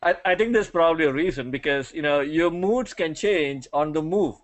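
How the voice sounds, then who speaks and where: Animated male panelist arguing a point. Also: fairly high pitch, moderate pace. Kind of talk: casual panel chat.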